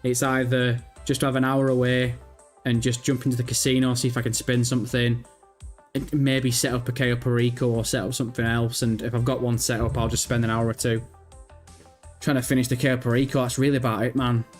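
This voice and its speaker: Speaking fairly quickly at medium pitch with a flat delivery, a man runs a casual livestream. He reads viewers' messages aloud and rambles through answers, swearing freely, over faint background music.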